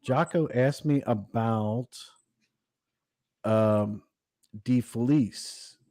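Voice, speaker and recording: Man, livestream co-host, slow, mid pitch, hesitant, lots of fillers. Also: warm tone, no echo, studio quality. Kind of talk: casual livestream chat.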